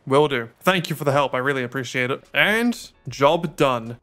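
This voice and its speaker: A man's voice: medium pitch, animated, moderate pace, bright, forceful tone, soft background music. A young man giving sarcastic gameplay commentary and talking back to game characters. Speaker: gaming YouTuber.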